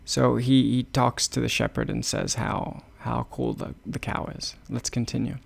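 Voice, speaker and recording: A man's voice: medium pitch, flat delivery, moderate pace, creaky. A man teaching English by reading a fairy tale, patiently repeating phrases and explaining words. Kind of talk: slow storytelling lesson for learners.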